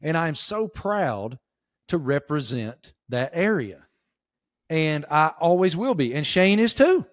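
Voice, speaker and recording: A man's voice: on the high side, very animated, measured pace, no echo, studio quality. A man with a Southern Appalachian accent, from rural Virginia, talking as an interview guest in an emphatic, folksy way. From Giles County, Virginia. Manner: emphatic, folksy, calls host "bro" and "dude". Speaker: sports reporter, guest. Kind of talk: casual interview chat.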